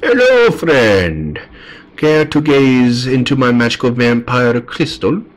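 A man voicing a mysterious male vampire with a drawn-out, theatrical manner in a game. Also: medium pitch, sing-song, voice pushed up.

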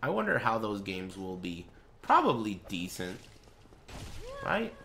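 A young man live-streaming a game, chatting to viewers and swearing as he mock-rants and bursts into yelling at them. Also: on the low side, huge pitch swings, measured pace, gravelly, slight background noise. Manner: profane, mock-ranting at chat, erupts into yelling. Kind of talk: live gaming stream commentary.

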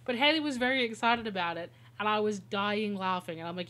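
A woman's voice: on the high side, lively intonation, quick pace, hardly any pauses, a bit bright. A woman streaming a video game, chatting casually with viewers and telling stories with frequent laughter. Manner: chatty storyteller who laughs often. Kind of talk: casual gameplay chat.

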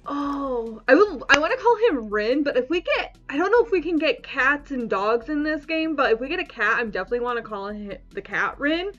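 Bubbly, giggly high-voiced woman gamer. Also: lively intonation, fairly quick, few pauses, fairly bright tone, highs cut off, soft background music. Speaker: gaming YouTuber. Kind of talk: casual let's-play commentary.

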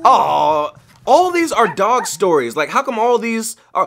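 An excitable man hosts a reaction video, chatting back at what he watches. His voice sits high and jumps around a lot. He cracks jokes and bursts into loud exclamations. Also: unhurried, creaky, very noisy. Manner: jokey, talks back at the screen. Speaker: YouTube host. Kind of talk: reaction commentary.

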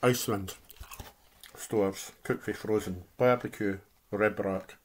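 A man's voice: fairly low pitch, steady tone, slow, a little hiss or hum. A man casually reviewing food on his vlog, chatting while he eats with his mouth full.

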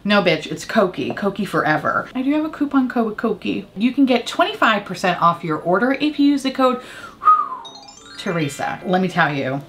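A woman's voice: mid-range voice, sing-song, moderate pace, fairly bright tone, faint music behind. Woman, makeup vlog chatter, swears freely, jokey and candid, laughs often. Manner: candid, profane and joking. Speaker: beauty vlogger. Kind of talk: casual makeup chat and storytelling.

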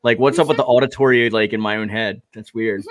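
A man hosting a live stream chats casually and rambles, leaning heavily on fillers like "like." His voice is fairly low and fairly quick, with fairly even intonation.

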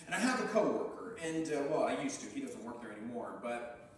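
A man's voice: mid-range voice, very animated, brisk, far from the mic. A man delivers an earnest, conversational sermon and slips into the voices of the people he quotes. He stands away from the mic in a very echoey church hall. A faint room hum sits underneath. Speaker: preacher.

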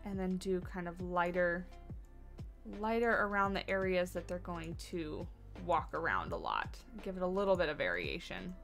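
A tired woman chatting casually and thinking aloud as she builds during a game livestream, greeting viewers by name. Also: medium pitch. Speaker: game streamer. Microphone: desk mic on boom arm.

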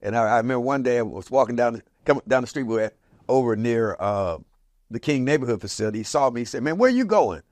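An older man in his seventies, from Portland, Oregon, spins casual stories and slips into animated voices for the people he quotes. His voice sits in an ordinary middle pitch for a man. It is recorded close and dry, with no room echo. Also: fast. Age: 70s. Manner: lively, acts out quoted voices with big jumps in pitch and loudness. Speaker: interviewee recalling community history. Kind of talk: casual storytelling reminiscence.

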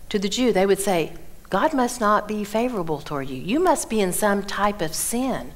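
A woman in her sixties teaching the Bible at a women's conference, telling stories with animated delivery and acting out the people she quotes. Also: fairly high pitch. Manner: animated storytelling, acts out quoted voices.

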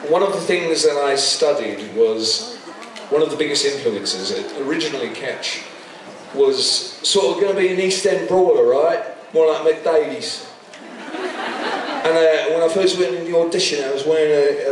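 A man speaking as a guest on a convention panel, effusive and animated, often restarting his sentences. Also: fairly high pitch, unhurried. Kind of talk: casual panel talk. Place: large convention hall. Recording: echoey hall, far-off mic, crowd noise.

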